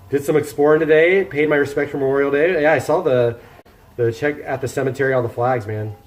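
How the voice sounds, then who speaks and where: A man's voice: medium pitch, fairly even intonation, fairly quick. Easygoing man chatting while cooking. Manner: chatty and self-deprecating, talking to chat while working. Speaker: livestreamer cooking meal prep. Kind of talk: casual live-stream chat while cooking. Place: home kitchen.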